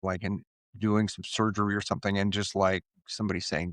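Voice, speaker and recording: 60s guy, low gravelly voice, earnest, thinks back on his life, dry mic. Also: fast talker, dry recording. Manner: earnest, reflective. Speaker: guest. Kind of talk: telling his life story.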